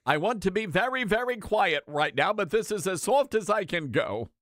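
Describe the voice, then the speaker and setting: A man putting on the voice of a fretful older man in a high, strained way. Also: animated, normal speed, a bit bright, dry recording, studio quality. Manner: high, strained, nervous rambling. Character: fretful older man, Bernie Sanders impression.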